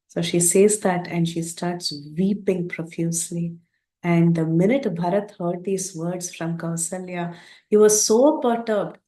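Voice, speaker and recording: A woman's voice: mid-range voice, a little mellow. A woman teaching a scripture class, telling the story expressively and acting out its characters, recorded in a roomy space. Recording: roomy echo.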